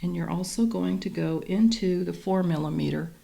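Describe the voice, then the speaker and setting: A woman calmly guiding viewers step by step through a beading tutorial, describing each move as she works. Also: lowish voice, normal speed, creaky. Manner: calm, methodical, talks while working. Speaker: beading instructor.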